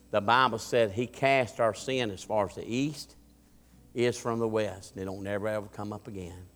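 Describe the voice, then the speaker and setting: A man preaching a sermon in a fervent, folksy way and telling a story from the pulpit. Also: lowish voice. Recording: long hall reverb.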